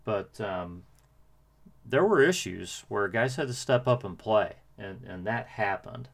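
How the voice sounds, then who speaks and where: A man's voice: on the low side, expressive, measured pace, vocal fry. A man hosting a podcast, commenting casually with frequent hesitations. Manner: hesitant, many fillers. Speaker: podcast host.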